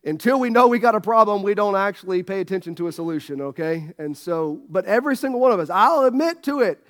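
A man's voice: high voice, expressive, quick pace, a bit bright. A middle-aged man preaching a sermon as pastor, folksy and joking with his congregation. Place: church sanctuary.

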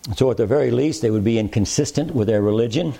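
A man's voice: medium pitch, fast, creaky, dark tone. A man preaching an expository sermon, with rising, emphatic cadences.

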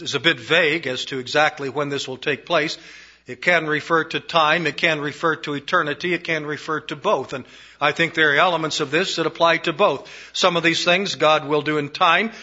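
A man preaching a sermon, emphatic, moving between raised declarations and hushed, low phrases. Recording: dull lo-fi recording.

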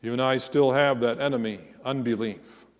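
A man preaching a sermon as pastor, slow and earnest, rising to emphatic declarations. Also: medium pitch, steady tone, in a large hall.

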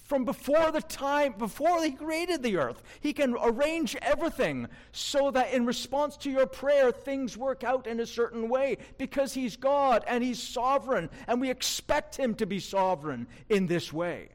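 A man's voice: very high-pitched, expressive, normal speed, hardly any pauses. A male preacher giving an emphatic sermon, asking his listeners rhetorical questions.

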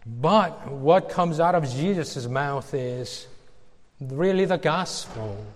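A male preacher giving a sermon, slow and emphatic, with dramatic pauses. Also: fairly high pitch, animated, big-room sound.

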